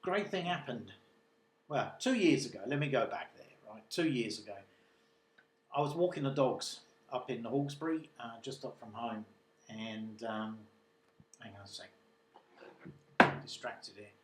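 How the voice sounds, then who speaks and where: A man recounts a local tale in a loose, chatty way, drifting into asides as he goes. His voice sits at an ordinary middle pitch. The room around him is roomy and echoey. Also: expressive, normal speed, long pauses. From Britain. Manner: rambling, digressive, chatty. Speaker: local online news journalist. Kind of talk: casual storytelling monologue.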